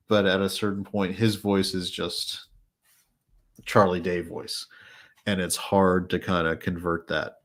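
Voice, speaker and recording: A man hosting a podcast, chatting casually about films in a rambling way full of fillers and restarts. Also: on the low side. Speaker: podcast host. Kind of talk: casual chat reviewing films.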